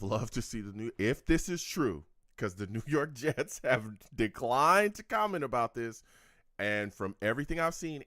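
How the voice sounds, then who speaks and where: A man's voice: medium pitch, fairly bright tone, no echo, clean studio sound. A man hosting a live-streamed sports talk show, answering the chat and talking animatedly, repeating himself and laughing often.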